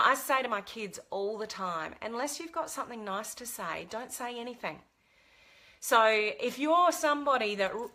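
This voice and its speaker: A woman's voice: mid-range voice, sharp tone. A middle-aged woman talking to camera, giving earnest life advice with fillers and restarts. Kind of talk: casual talk to camera.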